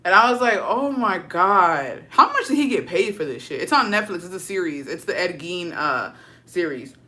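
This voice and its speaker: A woman's voice: on the low side, lively intonation, brisk, bright, forceful tone. A woman streamer in casual chat with viewers, telling a story in slang full of swearing and laughter, dropping in words.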